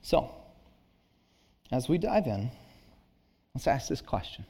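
A man's voice: medium pitch, big pitch swings, slow pace, gravelly, warm tone. A man in his thirties preaching a sermon in an earnest, conversational way, climbing to emphatic peaks. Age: 30s. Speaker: pastor.

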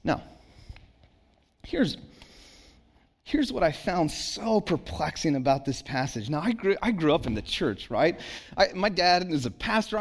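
A man preaching a sermon as a pastor, speaking conversationally with rhetorical questions, repeated words and restarts, and dropping low and soft for emphasis.

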